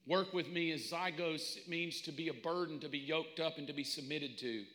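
A male pastor preaching a sermon emphatically, moving from shouted declarations to hushed asides. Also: on the high side, normal speed. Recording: long hall reverb.

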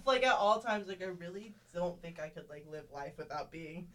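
A teenage girl co-hosting a casual podcast, loud, expressive and enthusiastic. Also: fairly low pitch, brisk, few pauses. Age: late teens. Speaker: podcast co-host. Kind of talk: casual chat.

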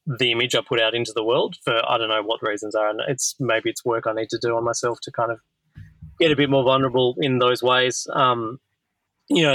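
A man in his thirties hosts a relaxed podcast conversation, wandering through his thoughts and leaning on filler words. His voice is bright and forceful. The sound is dry and close. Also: medium pitch, no room sound, rough recording. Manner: rambling, heavy use of filler "like". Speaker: podcast host. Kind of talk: casual conversational chat.

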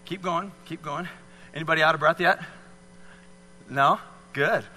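A man coaching volunteers through exercises in front of a crowd, pushing them on with short, repeated cues. His voice sits a bit high and very bright. The sound carries a hall's long reverb with a faint hum underneath. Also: a little slow. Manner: encouraging, coaxing, repetitive cues. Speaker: speaker leading a fitness demonstration. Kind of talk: live talk to an audience with volunteers.

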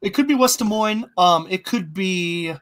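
A man with a somewhat high voice talks through ideas in a relaxed co-hosting chat. He hesitates often, filling pauses with ums and starting sentences over. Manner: hesitant, many ums and restarts. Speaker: co-host planning a fiction podcast. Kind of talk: casual brainstorming chat.

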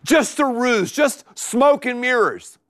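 Speaking to a live congregation, a middle-aged male pastor delivers a sermon with animated energy and emphatic repetition. His voice is very high and his pace is slow.

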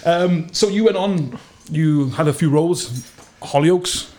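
A man's voice: on the high side, measured pace, darkish tone. A man hosting a casual podcast interview, joking and laughing easily with his guest. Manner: jokey, laughs often and teases the guest. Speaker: podcast host.

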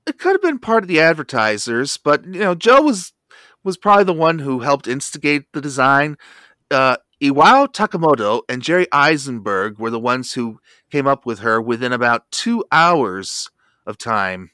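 A man's voice: medium pitch, big pitch swings, moderate pace, bright, forceful tone, no room sound, clean studio sound. A man co-hosting a podcast, chatting casually and reeling off facts and credits. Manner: informative, lists facts and credits. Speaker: podcast co-host.

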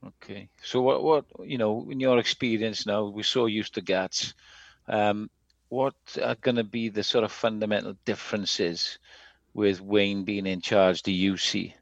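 A man hosting a casual chat, who tells stories and acts out quoted lines in a lively way. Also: on the low side, unhurried, vocal fry, no room sound, dull audio. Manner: chatty, acts out quoted dialogue.

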